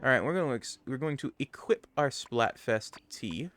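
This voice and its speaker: A man streaming a game live, chatty and excitable, talking to his chat as he plays. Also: medium pitch, normal speed, a little hiss or hum. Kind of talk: live gameplay commentary.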